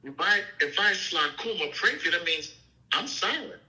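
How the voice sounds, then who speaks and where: Male minister, informal Bible teaching, emphatic and repetitive, bright tone. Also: high-pitched, animated, normal speed, rough recording. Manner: emphatic, repeats "okay?" and "you see?".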